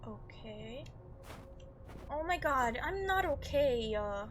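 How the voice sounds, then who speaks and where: A woman's voice: high-pitched, lively intonation, slow, noisy background. A woman hosting a let's-play, giving nervous, jumpy commentary and talking back to the game. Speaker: gaming video host.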